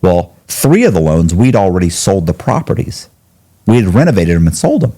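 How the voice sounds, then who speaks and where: A man, a podcast guest, telling his story in conversation, quick restarts and quoted dialogue. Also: low-pitched, big pitch swings, mellow.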